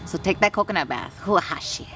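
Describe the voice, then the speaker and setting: A woman's voice: fairly low pitch, animated, brisk, very noisy. A woman leading a live-streamed energy healing session, who chants long strings of invented syllables and then talks loosely and frankly to her viewers, with some swearing. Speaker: spiritual healer.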